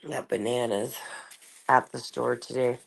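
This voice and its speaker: A woman's voice: extremely low pitch, fairly even intonation, moderate pace, creaky, breathy edge. A woman chatting casually on a late-night live stream from home, rambling and stopping to talk to her cat. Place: home, kitchen.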